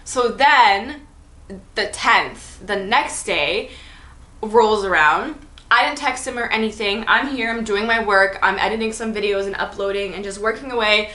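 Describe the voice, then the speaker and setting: A woman's voice: medium pitch, measured pace, sharp tone. Chatty young woman in an echoey room. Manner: chatty, enthusiastic, heavy use of "like". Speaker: vlogger. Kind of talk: casual storytime vlog. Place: room at home.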